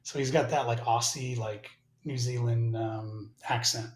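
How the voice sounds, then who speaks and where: A man's voice: mid-range voice, steady tone, measured pace. A man in his forties, a podcast guest, telling a story in a casual, profane way and acting out both sides of each conversation. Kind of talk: casual storytelling with acted-out dialogue. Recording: roomy echo.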